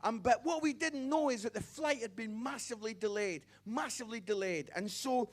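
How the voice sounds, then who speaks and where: A middle-aged man, a pastor telling a personal story in a sermon, animated and chatty, often checking in with his listeners. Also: extremely high pitch, a little fast.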